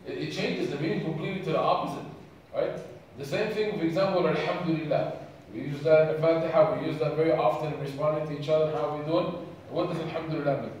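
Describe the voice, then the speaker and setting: Camp speaker, male, from Sudan, higher-pitched, echoey hall recorded from afar. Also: fairly even intonation, quick pace, darkish tone, slight background noise. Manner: engaging, asks audience questions. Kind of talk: religious talk to youth. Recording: echoey hall, distant mic.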